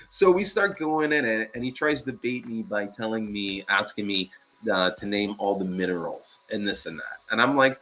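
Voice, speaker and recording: A man in casual live-stream chat, telling a story in an animated, profane way and laughing often. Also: mid-range voice, measured pace.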